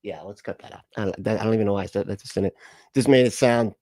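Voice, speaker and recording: A man's voice: lowish voice, fast, mellow, no room sound. Male reaction streamer, sarcastic, laughs a lot, dry close-mic sound. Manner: sarcastic, laughs often, puts on silly voices. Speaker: livestream reaction host. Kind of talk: casual mocking commentary.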